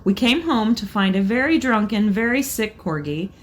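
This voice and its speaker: A woman co-hosting a podcast, reading listener stories aloud in a casual, expressive way. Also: medium pitch, normal speed. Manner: laughs often, expressive. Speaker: podcast co-host.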